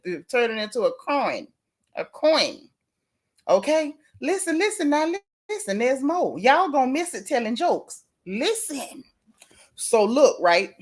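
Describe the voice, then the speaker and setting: Woman w/ aave doing a gossip livestream, kinda high voice, reading chat out loud all animated. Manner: animated, reads chat comments aloud. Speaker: host.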